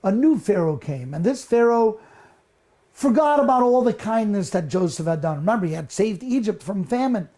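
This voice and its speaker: A man's voice: high voice, lively intonation, moderate pace, dark tone. A rabbi retelling a Bible story in a casual, chatty way, speaking straight to his listeners, often restarting his sentences. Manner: casual, talks to listeners directly, frequent restarts. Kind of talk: storytelling lesson.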